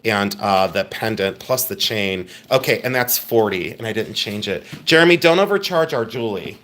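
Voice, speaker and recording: A man's voice: fairly low pitch, lively intonation, moderate pace, fairly bright tone, slight background noise. A man hosting a live jewelry sale stream, chatty and joking as he rambles about each piece. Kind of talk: casual live-stream selling.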